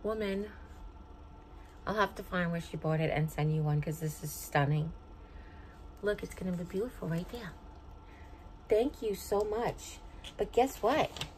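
A woman's voice: fairly low pitch, a little slow, long pauses, a little mellow, rough recording. Middle-aged lady vlogging her mail at home, gushy and chatty, faint room hiss. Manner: chatty, sentimental, reads cards aloud. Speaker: vlogger opening fan mail. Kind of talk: casual unboxing chat. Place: home, indoors.

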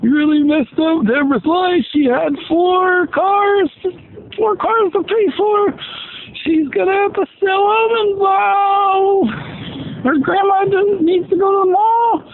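A man doing a shrill whiny scolding partner, tinny lo-fi. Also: slow pace, pauses often, a little hiss or hum, full character voice. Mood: indignant. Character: shrill indignant male business partner. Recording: tinny phone-like lo-fi.

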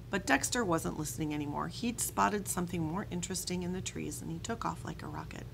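A woman's voice: fairly low pitch, fairly quick, vocal fry, few pauses, slight background noise. Woman reading a storybook aloud expressively. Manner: expressive, animated. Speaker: teacher. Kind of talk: reading a children's book aloud.

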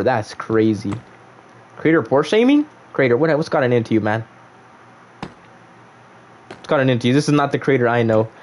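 A young man livestreaming a game, in casual commentary full of slang and banter, swinging from loud teasing outbursts to mock-solemn murmurs. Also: medium pitch. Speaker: gaming livestreamer.

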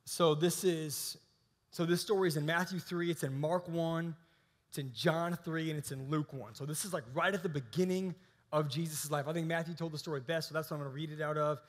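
A pastor in his thirties preaches a casual, conversational sermon in a church hall, his fairly high voice steady and brisk with a big-room sound. He often restarts his sentences.

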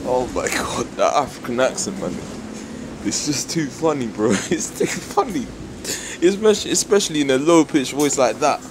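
A young man, vlogging casually while bus spotting, slangy and excitable, swearing freely. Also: medium pitch, moderate pace. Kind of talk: casual street vlog. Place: outdoors by a busy road. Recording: street traffic noise.

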